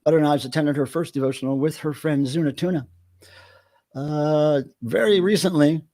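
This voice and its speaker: A man's voice: a little high, normal speed, dark tone. A middle-aged man hosting a casual livestream, joking around and greeting chat viewers by name. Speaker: livestream host.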